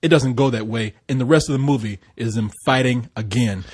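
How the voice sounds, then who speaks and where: Animated, swearing male podcast co-host. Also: medium pitch, a little fast, breathy edge. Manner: animated, profane, acts out scenes. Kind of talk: casual film review chat.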